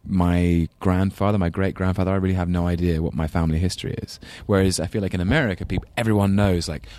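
A man's voice: sits low, fairly even intonation, quick pace, darkish tone, no room sound. An English man with a London accent, chatting thoughtfully as an interview guest, self-deprecating with many restarts. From England. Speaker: guest, actor. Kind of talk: casual interview chat.

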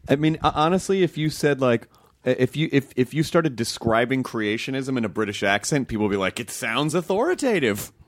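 A man's voice: medium pitch, brisk. A man hosting a casual chat, asking playful questions and often stumbling into restarts. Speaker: host.

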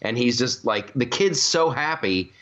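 A man's voice: mid-range voice, lively intonation, a little slow, fairly bright tone. A man hosting a casual, comedic podcast chat, rambling through stories with many restarts and laughs. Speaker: podcast host.

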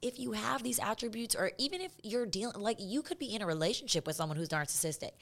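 Young woman co-host, candid, profane, mid-pitched, chatty. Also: animated, quick pace, creaky, a bit bright. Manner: candid, swears freely, acts out quotes. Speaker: podcast co-host. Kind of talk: casual chat.

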